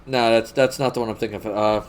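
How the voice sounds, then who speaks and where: A man's voice: lowish voice, steady tone, fast talker, slight background noise. A man co-hosting a casual chat about tabletop games, rambling, swearing casually and laughing often. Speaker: podcast co-host.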